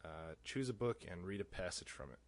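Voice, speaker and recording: Low-voiced man with Chicago accent. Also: fairly quick. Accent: Chicago-area American. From Illinois, USA. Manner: relaxed, filler-heavy reading of a word list. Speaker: vlogger. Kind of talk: casual accent-challenge recording.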